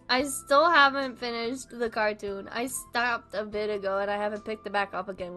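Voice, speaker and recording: A woman's voice: a little high, fairly bright tone. A woman livestreaming in a casual chat, giggly and swearing often, laughing through her sentences.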